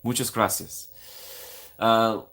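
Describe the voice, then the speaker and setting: A young man hosts a live stream from home, chatting casually to his viewers. His voice sits a bit low, and he talks in a playful, self-mocking way as he reads out chat messages. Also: little pitch movement, slow, a bit bright.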